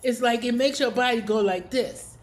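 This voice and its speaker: A woman's voice: a little high, moderate pace. A woman hosting a spiritual video series, telling a personal story in a casual, reflective way with many fillers and small laughs.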